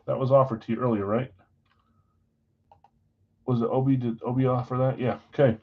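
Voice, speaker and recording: A man hosting a live stream at a middle pitch, chatting loosely and calling out buyers' names as he goes. He sounds scattered and jokes at his own expense. The audio is dull and lo-fi. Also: flat delivery, normal speed. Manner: casual, scattered, self-deprecating, reads off buyers' names. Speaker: card break host. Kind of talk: live-stream chat running trades.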